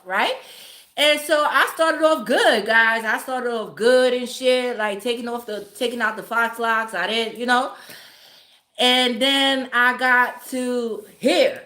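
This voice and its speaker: A woman's voice: on the high side, takes it slowly, reverberant. A woman casually telling a story to her live viewers, swearing freely and laughing as she goes. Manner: profane, laughing, animated storytelling. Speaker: streamer.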